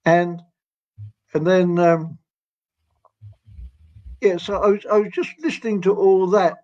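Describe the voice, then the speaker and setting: A man in his eighties from England, telling stories as a guest in a gentle, rambling way and laughing often. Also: high-pitched, steady tone, slow. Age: 80s. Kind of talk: storytelling interview. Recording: dull lo-fi audio.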